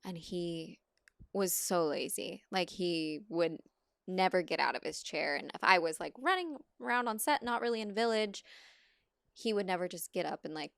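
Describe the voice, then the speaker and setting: A woman's voice: fairly low pitch, normal speed, creaky, clear, resonant tone, dry recording, clean studio sound. A woman guest on a podcast, chatting casually and acting out quotes as she tells stories. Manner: animated storytelling, acts out quotes with laughs. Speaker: podcast guest, actor and script supervisor. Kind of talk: casual conversation. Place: Los Angeles.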